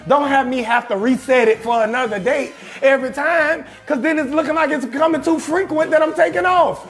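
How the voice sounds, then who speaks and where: A man comedian hosting his show, telling a profane comic story in a loud, emphatic way and often shouting his punchlines. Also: extremely high pitch, a little fast. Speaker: comedian host.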